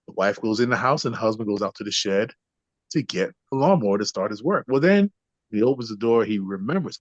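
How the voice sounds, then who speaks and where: Fairly low-pitched and fairly quick, this man's speech has lively intonation and no echo. A trainer on a podcast as a guest, he walks through ideas conversationally, often checking in with "right?", captured on dull, dry lo-fi audio.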